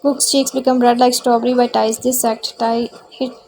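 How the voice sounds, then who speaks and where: A woman reading a romantic fan fiction story aloud, with halting restarts and slips in her phrasing. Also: on the high side, flat delivery, darkish tone, low-quality recording.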